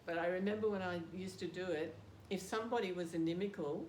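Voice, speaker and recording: Talking fast in a fairly low, darkish voice, an older Australian woman tells a story during a casual interview. She's a devotee, and she laughs a lot and pokes fun at herself. The recording is roomy with background noise.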